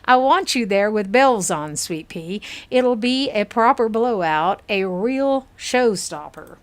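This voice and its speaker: A brash, folksy Texan charmer, read aloud by a woman from Kentucky as she plays a video game. His voice is sing-song and lively, swooping up and down as he reads his letter. The accent is only lightly put on. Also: medium pitch, slow pace. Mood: folksy, breezy.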